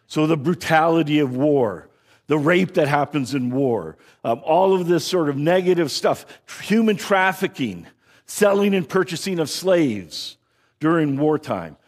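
A man with a somewhat high, husky voice gives a relaxed lecture on scripture. He talks conversationally, often checks in with his listeners and restarts his phrases as he thinks aloud. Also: measured pace. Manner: frequent restarts and repeated words. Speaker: Bible teacher. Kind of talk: casual lecture.

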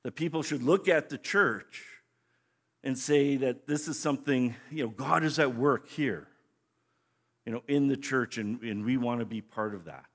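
Guy preaching a bible study, chatty and explaining, mid pitch, restarts a lot. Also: normal speed, fairly bright tone. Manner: conversational, explanatory, frequent restarts. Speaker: pastor. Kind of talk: sermon teaching.

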